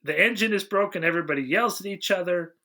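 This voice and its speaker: A man with a fairly high, bright voice recaps a movie scene by scene in relaxed podcast chat. He keeps slipping into playful acted-out quotes. His tone is easygoing and talkative. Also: quick pace. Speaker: podcast co-host. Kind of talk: casual chat.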